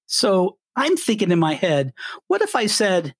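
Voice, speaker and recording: A man's voice: high-pitched, moderate pace, no room sound, clean studio sound. An older man from Colorado, a retired radio DJ, telling stories as an interview guest and acting out the voices in them. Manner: animated, acts out voices in his anecdotes. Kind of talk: storytelling interview.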